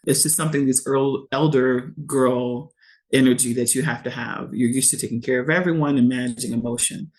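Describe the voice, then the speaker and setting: A woman's voice: rumbling low, fairly quick. A woman, a podcast guest telling a personal story candidly and expressively, acting out what others said. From Shreveport, Louisiana. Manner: candid and expressive, quotes others in lively voices.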